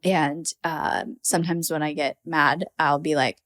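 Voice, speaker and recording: A woman's voice: low voice, fairly even intonation, a little slow, fairly bright tone. A woman guest on a podcast, telling stories casually with many fillers and acting out her own thoughts. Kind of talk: casual conversational storytelling.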